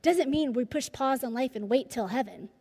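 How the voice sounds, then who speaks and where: Woman, middle-aged, devotional speaker, lively storytelling, hushed emphasis, slightly high voice, reverberant hall. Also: moderate pace, husky. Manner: lively storytelling, drops to near-whispers for emphasis. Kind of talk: devotional talk.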